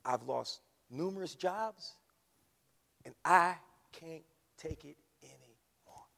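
A man preaching a sermon, swinging from hushed storytelling to shouted climaxes. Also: fairly high pitch, slow, gravelly. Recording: long reverb of a large hall.

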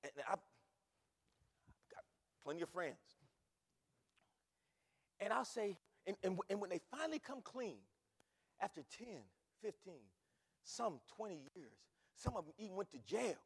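A man preaching a sermon, swinging from soft passages to shouted ones. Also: high-pitched, sing-song, a little slow, long pauses, breathy edge. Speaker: pastor. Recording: long hall reverb.

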